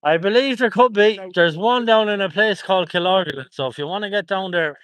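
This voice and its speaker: Holding his phone close at an outdoor protest, an Irish livestreamer talks a little fast in a high, fairly bright voice with no room sound. He's upbeat, reading out what viewers write and thanking them by where they're watching from.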